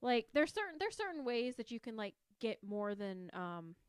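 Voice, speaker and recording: A woman co-hosting a podcast speaks at normal speed in a fairly high, clear, resonant voice with big pitch swings and no echo. She chats eagerly and somewhat rambly about a board game in a casual conversation.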